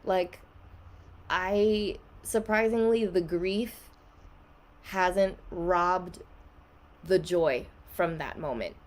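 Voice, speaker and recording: A woman's voice: fairly low pitch, extremely slow, long pauses. A young woman guest on a podcast, candidly telling an emotional personal story in a casual way, with many "like" fillers.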